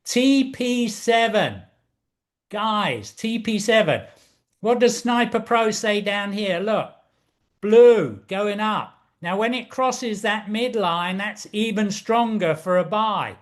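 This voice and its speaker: A man walking through trading charts as an instructor, excitable and showy, repeating key phrases over and over. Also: high voice, slow pace. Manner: excitable, repetitive, showman-like. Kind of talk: screen-share trading walkthrough.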